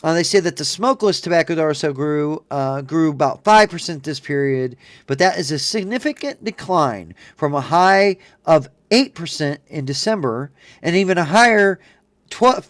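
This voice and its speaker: Man, high voice, dry close sound, profane ranting host, casual commentary. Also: no room sound. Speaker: show host. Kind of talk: casual podcast commentary reading news.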